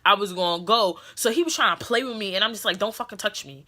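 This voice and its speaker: A young woman tells a story in a casual vlog, with a bright, forceful voice. She is blunt and profane and acts out the lines of the people in the story. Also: mid-range voice, quick pace. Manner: blunt, profane and animated, acting out quotes. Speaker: beauty vlogger.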